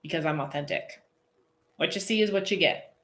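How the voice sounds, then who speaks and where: A woman hosts a casual live stream, talking straight to her viewers in a slightly low voice. She is chatty and goofy, laughs easily and reads out comments as they come in. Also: a little fast, a bit bright. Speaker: posing coach hosting a live feed.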